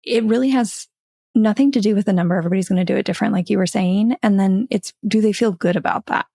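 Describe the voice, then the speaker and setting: A woman's voice: medium pitch, fast talker, gravelly, warm tone, no room sound, clean studio sound. A woman hosting a podcast, talking in an earnest, reflective and upbeat way. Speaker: podcast host. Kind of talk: casual podcast chat and outro.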